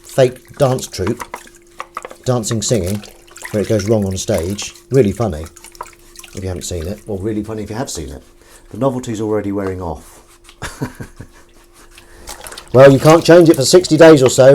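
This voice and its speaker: Man, live stream host, casual rambling chat, jokey, animated intonation. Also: lowish voice, a little hiss or hum. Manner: rambling, jokey, self-deprecating. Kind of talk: casual chat reading viewer comments.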